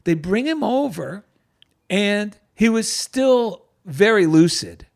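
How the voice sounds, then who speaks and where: A middle-aged man with an East Coast American accent, telling a personal story in conversation with lively feeling. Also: high-pitched, takes it slowly, vocal fry. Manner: animated, gets choked up with emotion. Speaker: guest, author and veteran.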